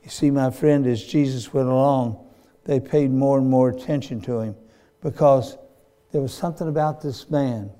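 A man preaching a sermon, slow and emphatic, with dramatic pauses and repeated phrases. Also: medium pitch, fairly even intonation, warm tone.

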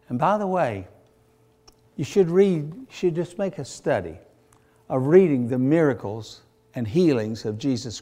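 A man preaching a sermon, telling the story with animated acted-out voices and sudden shouts. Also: fairly high pitch.

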